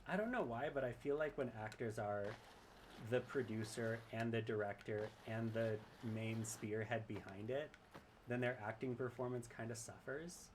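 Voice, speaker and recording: A man's voice: medium pitch, moderate pace, a little hiss or hum. Chatty man streaming a game. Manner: chatty, rambling, often laughing. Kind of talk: casual gameplay commentary and reading chat aloud.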